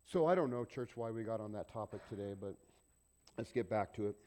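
A male pastor preaching a sermon, conversational and dramatic, swinging from loud urging down to near-whispers and often asking the congregation questions. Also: on the low side, lively intonation, brisk.

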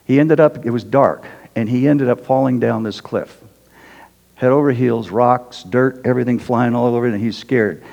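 A man's voice: medium pitch, steady tone, moderate pace, vocal fry, darkish tone, highs cut off. Conversational preacher man in a reverberant hall. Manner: conversational, tags lines with "okay?". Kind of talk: sermon.

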